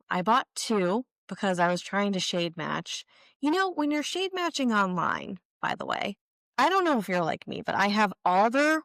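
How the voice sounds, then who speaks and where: A woman's voice: fairly low pitch, a bit bright, no echo. A woman in her forties chatting candidly through a get-ready-with-me beauty vlog, full of frank asides. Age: 40s. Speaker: beauty vlogger. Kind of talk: casual get-ready-with-me chat.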